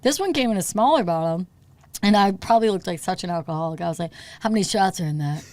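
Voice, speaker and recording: A woman's voice: fairly low pitch, expressive, quick pace, a little mellow, no echo. A woman hosting a podcast and chatting casually. She sounds tipsy and tells stories animatedly, acting out voices, swearing and laughing often. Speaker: podcast host.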